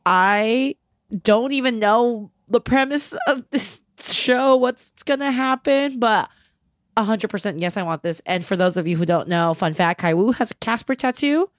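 A woman's voice: fairly high pitch, normal speed, dry recording, clean studio sound. A woman co-hosting a casual entertainment chat, enthusiastic and gushing, with casual swearing. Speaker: podcast co-host.

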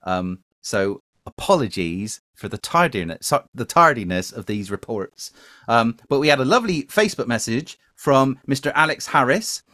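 Male podcast co-host, relaxed rambling talk, dry recording. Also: medium pitch, moderate pace, dry recording. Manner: chatty, rambling, reads listener messages aloud. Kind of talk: casual podcast chat.

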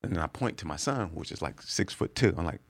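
A middle-aged man, a comedian, telling a profane story with loud bursts of laughter on a podcast. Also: deep voice, animated, fast talker, gravelly, no room sound. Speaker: comedian guest.

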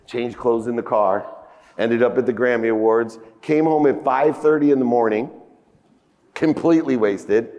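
A man's voice: lowish voice, darkish tone. A man giving a motivational keynote on a conference stage, telling stories emphatically and acting out dialogue with rising outbursts. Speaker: keynote speaker. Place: large conference hall stage. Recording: long reverb of a conference hall.

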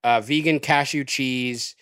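A man's voice: medium pitch, takes it slowly, clear, resonant tone, no room sound. Rambling man with dry close sound. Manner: relaxed, rambling with many fillers. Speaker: guest. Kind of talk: casual podcast chat.

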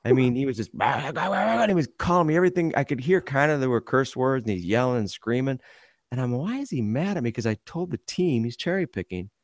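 A man's voice: mid-range voice, expressive, a little fast, dry recording. A man hosting a casual sports podcast, telling rambling stories about playing goalie in a hockey league and laughing as he goes. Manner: rambling storyteller, laughs through his anecdotes.

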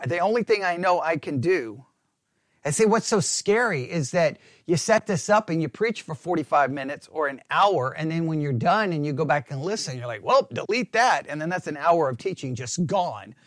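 A pastor chatting in a rambling, animated, self-mocking way while testing his lapel mic in a small closed-in room. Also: on the high side, dry recording, studio quality. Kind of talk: casual talk while testing a microphone. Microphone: wireless lapel mic with belt-clip transmitter.

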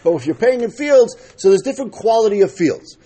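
A man's voice: high-pitched, very animated, a little fast, warm tone, slightly rough. A man teaching a daily Talmud class, explaining step by step and asking and answering his own questions.

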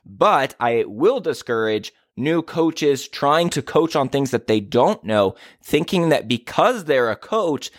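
A man coaching business owners rants candidly in a podcast monologue, exasperated and quick to act out what other people say. His voice sits at a middle pitch and is recorded close and dry, with no room sound. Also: no echo. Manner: candid, exasperated ranting with quoted asides.

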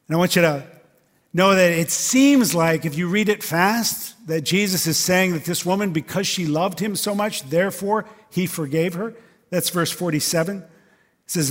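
Guy preaching at church, kinda high voice, punchy and chatty, keeps going "right?". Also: normal speed, big-room sound. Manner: emphatic, conversational preaching with repeated rhetorical questions. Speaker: pastor. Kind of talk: sermon. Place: church service.

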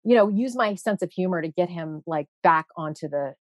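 Chatty woman telling an animated story. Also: fairly low pitch, brisk, no echo, studio quality. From Canada. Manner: animated, acts out quoted voices, many fillers. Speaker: guest. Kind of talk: casual interview storytelling.

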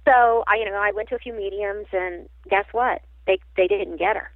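A woman working as a psychic medium, telling a personal story in an animated, halting way with frequent restarts. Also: mid-range voice, a crowd in the background. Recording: tinny phone-line sound, dry.

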